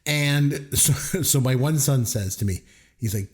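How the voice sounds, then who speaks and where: A man's voice: medium pitch, unhurried. A middle-aged man from Canada, co-hosting a podcast and telling a funny story about his kids in casual chat, laughing often. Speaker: podcast co-host.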